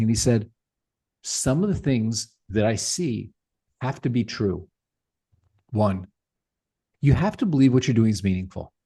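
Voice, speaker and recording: A man's voice: fairly low pitch, warm tone, slightly rough. A middle-aged man speaking as a podcast guest, talking passionately and emphatically with rhetorical questions. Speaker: podcast guest, tech founder. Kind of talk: animated interview talk.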